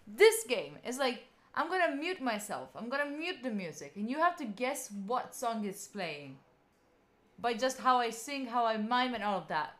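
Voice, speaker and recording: A woman's voice: a little high, sing-song, normal speed, a bit bright. A tired young Italian-accented woman in her twenties, a native Italian speaker, chatting casually with viewers during a study stream. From Italy. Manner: chatty, reads and answers viewer messages between tangents. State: tired, yawning. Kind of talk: casual live-stream chat.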